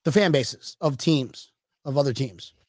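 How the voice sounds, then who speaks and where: A man hosting a podcast, riffing in quick, playful banter. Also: medium pitch, no room sound, clean studio sound. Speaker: podcast host. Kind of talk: casual chat.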